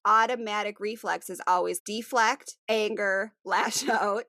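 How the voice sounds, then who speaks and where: A woman in her thirties co-hosting a podcast, speaking candidly, laughing often and slowing down when she reflects. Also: medium pitch, steady tone, bright, forceful tone, dry recording. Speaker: podcast co-host. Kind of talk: casual candid conversation.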